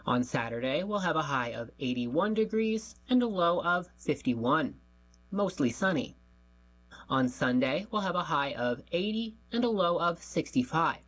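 A woman with a husky voice reading a weather forecast aloud for radio, steady and matter-of-fact. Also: low-pitched, measured pace, rough recording. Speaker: volunteer newspaper reader.

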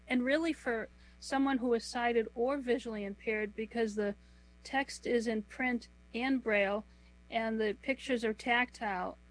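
A middle-aged woman author answering interview questions, explaining at a measured pace and slowing down to list things one by one. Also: fairly high pitch, poor audio. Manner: measured, explanatory, lists items slowly. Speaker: author and guest.

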